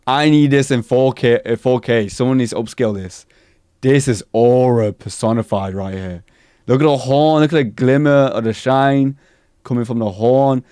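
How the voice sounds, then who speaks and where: A man streaming live, reacting to anime news in excited casual chat and answering his chat. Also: medium pitch, clear, resonant tone, no echo, studio quality.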